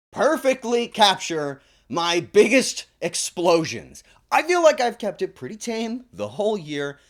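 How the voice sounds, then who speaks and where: Guy streamer hosting his award show, high voice that jumps all over, jokey. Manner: animated and self-mocking, quick swings in pitch. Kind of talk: casual stream chat.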